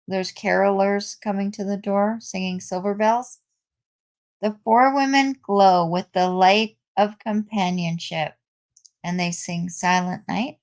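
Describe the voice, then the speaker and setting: A woman's voice: mid-range voice, steady tone, takes it slowly. A woman reading a comic aloud for her channel, casual and unpolished, with asides and restarts.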